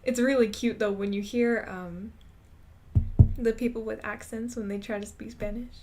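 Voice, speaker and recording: A woman's voice: a little high, steady tone, normal speed, background noise. A woman streamer chatting casually while gaming, rambling and laughing often. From Texas.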